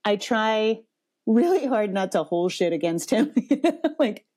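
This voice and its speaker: A woman, probably in her forties, hosting a parenting talk show and telling a personal story in a casual, animated way, swearing freely, laughing often and acting out quotes. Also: mid-range voice, measured pace. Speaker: podcast host.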